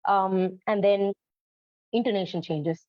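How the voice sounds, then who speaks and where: A woman gives an educational talk, explaining her points earnestly and pausing often on ums and uhs. Her voice sits at a middling pitch. The recording is dull and lo-fi, with a dry, close sound. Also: steady tone, dry recording. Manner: earnest, explanatory, many fillers. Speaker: presenter on storytelling for autistic children.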